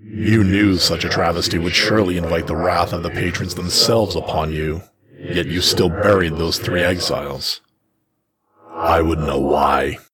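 A man's voice: sits low, fairly even intonation, unhurried, noisy background, pitched below the performer's own voice. A man growling as a big stern feral beast. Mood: menacing. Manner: stern, probing interrogator.

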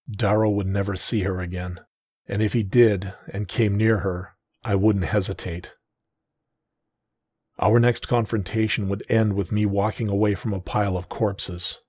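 A man reading a first-person romance story aloud in a soft, tender, measured way. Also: lowish voice, steady tone, husky, dry recording. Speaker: narrator.

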